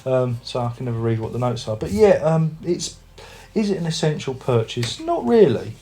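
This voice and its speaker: In a mellow, mid-range voice with lively intonation, a music vlogger talks at a normal speed while reviewing an album. He sits in his home room with a record player and speakers. It's a loose, chatty conversation that rambles and keeps restarting.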